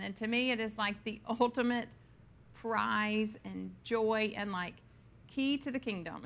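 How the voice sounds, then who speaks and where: A woman's voice: a little high, fairly bright tone. Chatty woman leading a Bible study. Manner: chatty and personal, laughs at her own stories, many ums. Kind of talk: scripture reading and informal Bible teaching.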